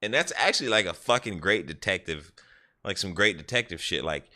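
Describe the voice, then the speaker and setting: A man's voice: sits low, expressive, fairly quick, pushed and bright. A man casually rambling on a livestream, swearing freely and laughing as he retells a scene. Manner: profane, rambling, laughs often. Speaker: gaming streamer.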